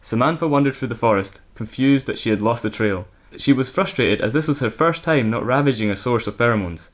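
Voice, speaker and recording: A man, co-host of a podcast, reading crude fan fiction aloud in a mostly deadpan voice and chatting casually about it. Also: mid-range voice, brisk.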